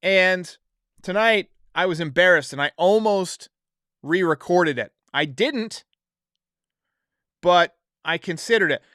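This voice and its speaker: A man's voice: sits high, lively intonation, slow pace, long pauses, bright, forceful tone, no room sound, studio quality. A man hosting a casual sports podcast, chatting and reading viewer comments aloud. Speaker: podcast host. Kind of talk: casual live-stream talk.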